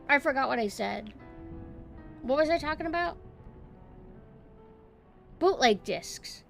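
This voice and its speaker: A woman streamer chatting casually with her viewers in a dry, deadpan monotone. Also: high voice, takes it slowly, creaky, long pauses, soft background music.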